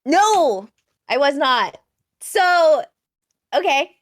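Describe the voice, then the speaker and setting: A woman's voice: high-pitched, sing-song, drawn-out words. A woman co-hosting a podcast, telling a rambling story in a chatty, casual way. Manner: chatty, rambling, laughs easily. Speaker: podcast co-host.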